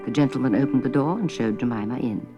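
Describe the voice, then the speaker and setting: A woman narrating a children's story in poised, measured tones. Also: extremely low pitch, highs cut off. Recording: old record with loud orchestral music.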